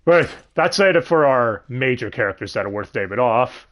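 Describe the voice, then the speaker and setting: A man hosting a casual livestream chat, animated, swearing freely and laughing often. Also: mid-range voice, normal speed. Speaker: podcast host.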